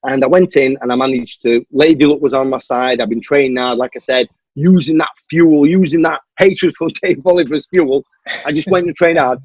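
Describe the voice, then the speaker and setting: Here a stuntman and martial artist with a fairly high, breathy voice tells a long story as an interview guest, animatedly acting out the dialogue. There's no room sound, and the lo-fi audio is dull and dry.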